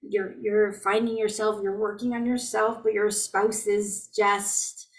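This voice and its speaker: A middle-aged woman leading an online group healing call, chatting about everyday frustrations in a gently reassuring, anecdotal way. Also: mid-range voice, level tone, measured pace. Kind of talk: casual spiritual talk to a group. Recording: voice distant from the mic.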